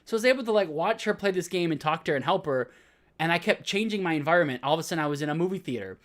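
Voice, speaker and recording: A man co-hosting a gaming podcast, talking in casual, excited, rambling bursts. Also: a little high, racing. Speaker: podcast co-host. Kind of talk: casual chat.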